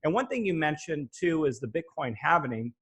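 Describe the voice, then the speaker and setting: A man with a somewhat high voice, hosting an interview. He asks his questions hesitantly, thinking aloud as he goes. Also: big pitch swings, a little fast, fairly bright tone, slightly rough. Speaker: interview host. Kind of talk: conversational interview.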